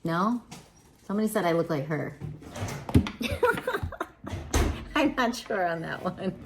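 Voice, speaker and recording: A woman's voice: on the low side, animated, normal speed, background noise. A woman livestreaming at home, chatting casually in a rambling way with many restarts.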